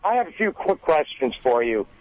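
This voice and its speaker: A man's voice: a little high, sing-song, normal speed, no echo. Polite, hesitant male radio caller. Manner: hesitant, polite, many fillers. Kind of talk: phone-in questions. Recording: dull band-limited radio audio.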